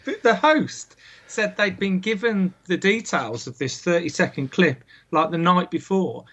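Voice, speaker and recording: Man with a higher voice, chatty podcast banter. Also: expressive, measured pace, fairly bright tone, dull audio. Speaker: podcast co-host. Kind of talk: casual chat.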